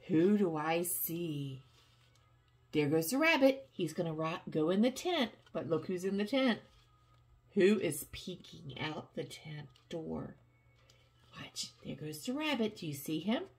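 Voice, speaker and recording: An older woman, a grandmother, reading a picture book aloud to a child, animated and coaxing, asking questions as she goes. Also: lowish voice, husky.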